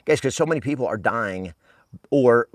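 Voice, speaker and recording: A man's voice: medium pitch, lively intonation, normal speed, dry recording, studio quality. A man giving a blunt, emphatic motivational talk as a real estate coach, swearing freely.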